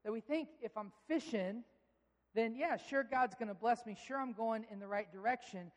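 A preacher's voice, pitched in the middle, rings out through a large church hall with a long reverb tail. The talk is a sermon told as a loose, rambling story, and they act out bits of dialogue. Half-started sentences get picked up again as they go. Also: normal speed.

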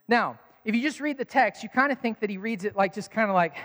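High-voiced pastor in an echoing hall. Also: male voice, fast, hardly any pauses. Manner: animated storytelling, acts out quotes. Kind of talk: sermon.

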